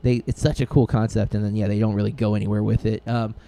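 A man's voice: on the low side, flat delivery, quick pace, vocal fry, dark tone. A man co-hosting a podcast, chatting casually and enthusiastically, rambling with frequent fillers and restarts. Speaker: podcast co-host. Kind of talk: casual chat.

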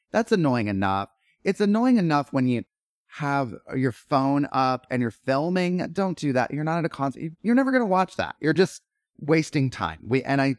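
A middle-aged man, an actor and podcast guest, telling stories in animated, rambling chat full of fillers and restarts. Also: mid-range voice, no room sound, studio quality. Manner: animated, lots of fillers and self-interruptions. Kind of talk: casual storytelling chat.

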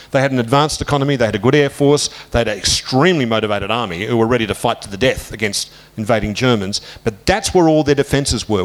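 An Australian man in his sixties, an author interviewed about his book, talking through history in an animated way and jumping up in pitch when he quotes people. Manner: animated, lifts pitch sharply when quoting others. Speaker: author guest. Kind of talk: conversational interview, storytelling.

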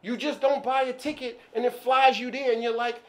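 A man co-hosting a podcast in casual chat, an animated storyteller who acts out little scenes. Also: very high voice, a little fast. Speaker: podcast co-host.

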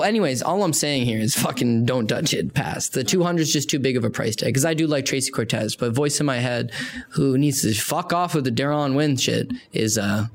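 A man who has fought professionally, talking fights and betting picks in casual podcast banter, profane and rambling with animated storytelling. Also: medium pitch. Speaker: MMA analyst and fighter.

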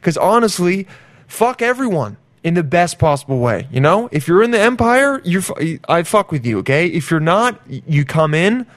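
Brash young male podcast host, slightly high voice, swaggering profane monologue with loud spikes. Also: sing-song, normal speed, no room sound. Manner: profane, swaggering, pumped-up preaching with sudden loud jumps. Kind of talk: solo podcast intro rant.

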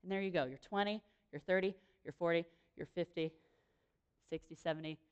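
A young woman speaking to a room, giving a lively, chatty sermon full of quick self-deprecating asides. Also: lowish voice, clear, resonant tone, lo-fi sound. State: pregnant. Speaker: speaker at a church or campus gathering. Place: room with an audience.

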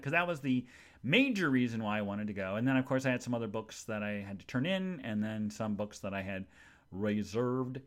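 A man's voice: medium pitch, lively intonation, quick pace. A man hosting a casual solo podcast, telling everyday stories in a chatty way with funny asides. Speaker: podcast host.

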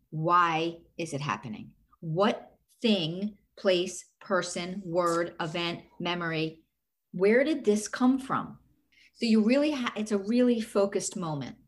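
A middle-aged woman coach with a slightly low voice talks earnestly. She walks through each step by asking herself a run of questions. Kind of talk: casual advice talk.

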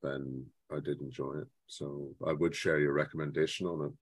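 A man co-hosting a podcast, giving his opinions on films in a measured way with hesitant restarts. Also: rumbling low, flat delivery, breathy edge, no room sound. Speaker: podcast co-host. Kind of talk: casual film discussion.

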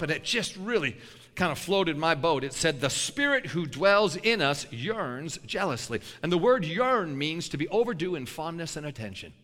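Bright, animated older male preacher. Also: on the high side, long reverb tail. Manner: lively storyteller who laughs between lines. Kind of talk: sermon with animated storytelling.

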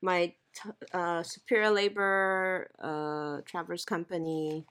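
A woman's voice: on the low side, flat delivery, takes it slowly, fairly bright tone, smooth. A woman co-hosting a podcast, chatting casually, laughing often and trailing off into fillers and restarts. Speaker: podcast co-host. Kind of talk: casual chat.

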